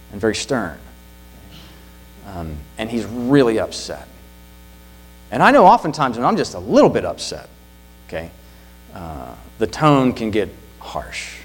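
Animated male pastor preaching. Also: fairly low pitch, low-quality recording. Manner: earnest, emphatic preaching with rhetorical questions. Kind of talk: sermon.

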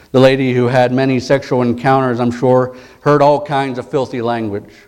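A man's voice: medium pitch, a little mellow. A male pastor preaching a sermon, retelling stories in a conversational way with frequent repeated words and restarts.

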